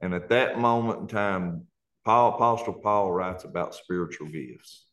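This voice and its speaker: A man with an Appalachian accent gives a fervent, earnest testimony in a very low, deep voice. He speaks as a pastor, in plain country grammar, and comes close to tears at times. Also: measured pace, a bit bright. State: near tears. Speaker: pastor and guest. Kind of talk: emotional testimony.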